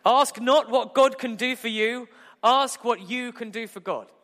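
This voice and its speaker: A man doing an impression of a 1960s American president, with a put-on Massachusetts accent and slow, grand cadence. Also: very high voice, fairly bright tone, big-room sound, pitched above the performer's own voice. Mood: orating. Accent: Massachusetts, imitated.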